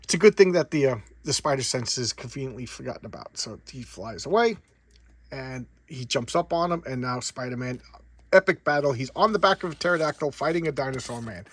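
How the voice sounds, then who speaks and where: A man's voice: mid-range voice, expressive, brisk, no room sound. A middle-aged man casually reviewing old comic books, rambling with frequent stammered repeats. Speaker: comic book collector host.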